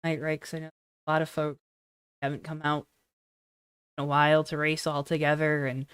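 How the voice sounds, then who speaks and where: A woman's voice: deep voice, level tone, moderate pace, clean tone, dry recording. A woman interviewing a race driver after a race, friendly and reassuring, asking rambling questions.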